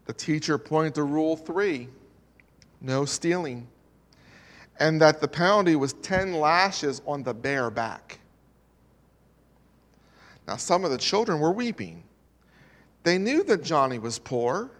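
A man's voice: on the high side, lively intonation, slow pace, pauses often, fairly bright tone. A male preacher telling a story in a sermon, earnest and dramatic. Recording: long hall reverb.

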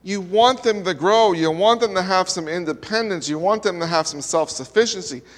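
A man's voice: sits high, moderate pace. A man preaching a sermon as pastor, emphatic and building his points with repeated parallel lines. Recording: reverberant hall.

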